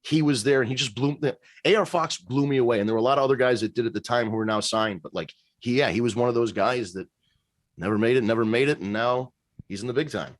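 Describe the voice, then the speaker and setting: A man hosting a casual comedy podcast, telling stories in an animated way. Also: mid-range voice, fast, no echo. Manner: animated storyteller.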